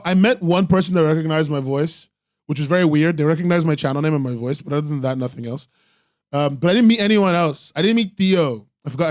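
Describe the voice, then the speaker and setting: A man's voice: on the high side, no echo, clean studio sound. A man hosting a webcomics podcast, chatting casually and rambling with lots of ums and laughs, tired after a long convention. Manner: rambling, self-deprecating, frequent ums and laughs. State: tired, sore from three days at a convention. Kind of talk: casual solo chat.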